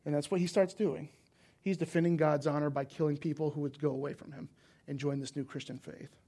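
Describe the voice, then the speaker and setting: A male preacher gives a sermon in a conversational, storytelling manner, with a slightly higher-than-usual pitch. He builds to emphatic, intense points. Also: fairly even intonation, brisk, mellow. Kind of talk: sermon with personal stories.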